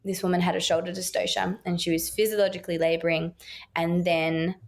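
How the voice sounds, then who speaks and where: A woman's voice: on the low side, little pitch movement, brisk. An Australian woman talking earnestly as a guest midwife in a podcast interview, acting out quoted voices as she tells stories.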